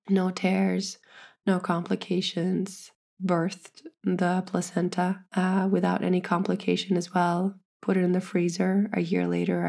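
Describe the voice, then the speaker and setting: A woman's voice: lowish voice, creaky, darkish tone. A pregnant woman frankly telling her own birth story, earnest and swearing freely. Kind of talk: candid personal storytelling.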